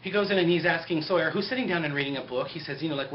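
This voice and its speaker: A man's voice: fairly high pitch, fairly even intonation, racing, few pauses. A young man casually recapping a TV episode in a sarcastic, rambling way, full of "like". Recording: muffled lo-fi with faint hiss.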